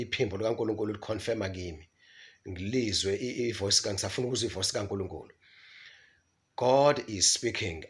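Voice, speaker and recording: A man teaching from the Bible, often stumbling and repeating syllables as he mixes in English words. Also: fairly low pitch. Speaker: preacher.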